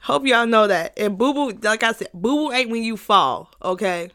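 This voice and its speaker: A woman's voice: a little high, lively intonation, moderate pace, a bit bright, clear, resonant tone. Emphatic, repetitive woman podcaster. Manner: emphatic and repetitive, with frequent profanity; playful, breaks into laughter. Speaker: podcast host. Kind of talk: casual solo podcast monologue.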